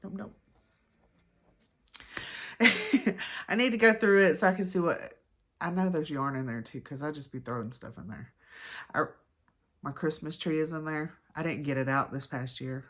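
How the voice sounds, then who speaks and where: A woman's voice: low-pitched, normal speed. A woman hosting a casual crochet chat at home, her nose stuffy from allergies, rambling and laughing at herself. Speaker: crochet podcast host. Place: at home, indoors.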